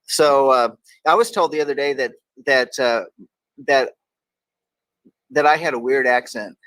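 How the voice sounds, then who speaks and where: A man's voice: mid-range voice, measured pace, fairly bright tone, no room sound, poor audio. A man from Texas hosting a casual talk show, reading daily quotes aloud with playful emphasis. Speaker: host.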